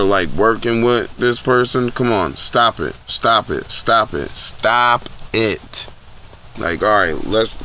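Young man, lowish voice, casual podcast rant, profane and blunt, cheap home mic, faint background hum. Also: bright, forceful tone. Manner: blunt, profane, repetitive ranting. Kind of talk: casual commentary. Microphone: low-end home recording setup.

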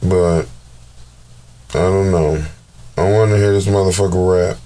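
A man's voice: sits low, steady tone, a little slow, mellow. A man giving casual, profane commentary on battle rap videos, exasperated and heavy on slang.

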